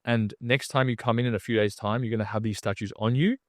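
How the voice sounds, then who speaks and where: A man's voice: fairly low pitch, fairly even intonation, fast, no room sound. Male podcast guest, casual storyteller, slangy, dry close sound. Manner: casual, slangy, acts out other people's lines. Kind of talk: animated storytelling.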